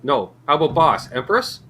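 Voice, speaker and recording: A man's voice: fairly high pitch, very animated, a little slow, pushed and bright, slight background noise, voice pushed up, full character voice. A man putting on a French Canadian guitar store clerk with a French Canadian accent, playing it for laughs in a casual chat. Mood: bantering.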